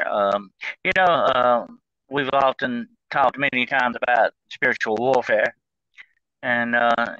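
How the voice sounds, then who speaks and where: A man with a bright, forceful voice speaks over a dull, muffled line that sounds dry and close. He rambles through his points with many fillers and restarts in a casual talk-show manner. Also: mid-range voice, clean tone, no echo. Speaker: guest on demonology show.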